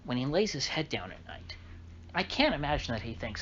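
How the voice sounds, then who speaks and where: Male host, mid-pitched, halting indignant monologue, muffled home recording. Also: sing-song, fairly bright tone. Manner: halting, restarts often, indignant. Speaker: channel host. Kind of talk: solo political commentary monologue. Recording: slightly dull recording with faint noise.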